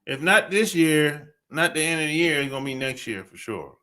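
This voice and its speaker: Animated and sharp-toned, with a fairly high pitch, a man hosts a podcast livestream at a moderate pace. He keeps it casual and slangy, laughing a lot as he chats.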